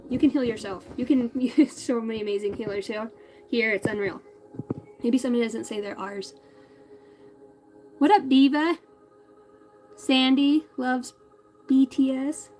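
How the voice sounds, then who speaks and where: A woman's voice: medium pitch, a little mellow, rough recording. Blunt, chatty woman tarot streamer. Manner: chatty, blunt and profane, greets viewers. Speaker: tarot reader hosting a livestream. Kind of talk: casual live-stream chat.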